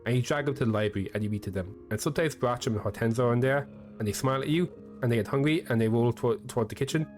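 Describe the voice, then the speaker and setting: A man's voice: medium pitch, very fast, a little mellow, natural voice. A quirky young oddball from a fantasy video game rambles through strange little stories in a middling voice, read out by a man. Faint music plays underneath. The telling is whimsical and meandering.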